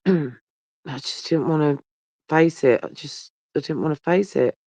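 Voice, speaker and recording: A weary man yawns as he talks slowly and casually to livestream viewers, rambling and swearing with the phone very close. His voice is a little high and slightly mellow, captured as dull, lo-fi, dry phone audio with no echo.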